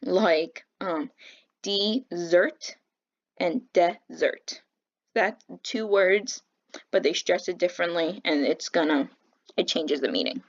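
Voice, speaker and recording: A young woman giving a class presentation on teaching, talking in a flat, halting way with fillers and self-corrections. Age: young adult. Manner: says she speaks with a flat pitch. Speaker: education student presenting. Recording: dull lo-fi recording.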